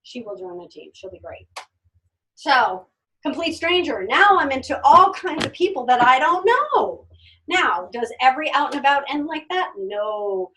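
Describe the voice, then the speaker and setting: Woman, high voice, sales trainer, lively, acts out dialogues, sounds distant from the mic. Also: normal speed, slight background noise. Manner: energetic, acts out customer dialogues; repeats phrases for emphasis.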